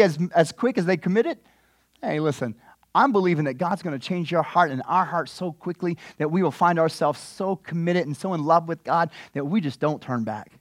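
A male pastor preaching a sermon, animated and informal, often repeating words as he goes. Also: a little high, moderate pace, dry recording, studio quality. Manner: animated, repeats words, acts out scripture scenes.

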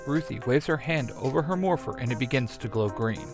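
Brief: male narrator, even mid pitch, soft music underneath. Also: fairly quick. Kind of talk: fan audio drama narration.

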